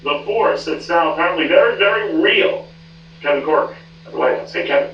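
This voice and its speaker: Male TV anchor, slightly high, bright voice, wry; echoey, muffled, far-off rerecording. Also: brisk, slight background noise. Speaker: news anchor. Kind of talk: cable news anchoring. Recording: echoey, distant, muffled rebroadcast.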